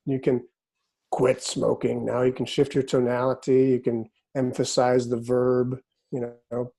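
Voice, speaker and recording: A middle-aged man, a hypnotist, talking casually in an interview and sliding into slow, hypnotic phrasing as he tells stories. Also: medium pitch, husky. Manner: relaxed and storytelling, drops into slow hypnotic phrasing. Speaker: hypnotist explaining his method. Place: office in a big city.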